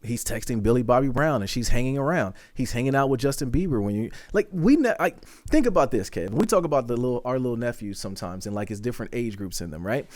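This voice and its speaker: A man co-hosting a podcast in casual chat, animated and quick to laugh. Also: medium pitch, no echo. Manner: fast, animated, laughing often. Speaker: podcast co-host.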